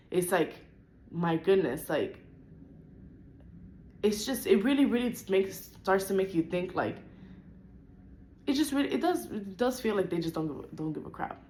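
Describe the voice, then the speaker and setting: A young woman vlogging a frustrated personal rant, upset and close to tears, with lots of "like" in her talk. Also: fairly low pitch. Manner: frustrated, venting, heavy use of "like".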